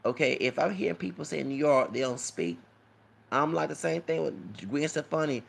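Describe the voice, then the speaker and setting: A man's voice: on the high side, lively intonation, moderate pace, vocal fry, husky. A man talking in a rambling commentary vlog, lecturing and often asking "okay?" and "you know what I'm saying?". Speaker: YouTube commentator.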